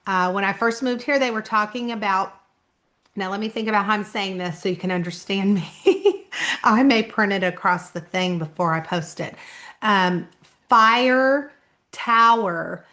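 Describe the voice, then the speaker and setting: A woman's voice: mid-range voice, moderate pace, a bit bright. A middle-aged woman with a slight Southern Indiana twang, chatting casually to camera as an author introducing her channel. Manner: chatty, self-conscious, laughs often. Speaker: author vlogger.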